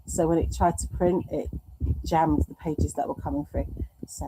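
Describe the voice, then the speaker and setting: A woman's voice: deep voice, steady tone, normal speed, heavy background noise. A middle-aged woman hosting a live stream at home, chatting and reading out viewer comments in a rambling, affectionate way. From United Kingdom. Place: home room.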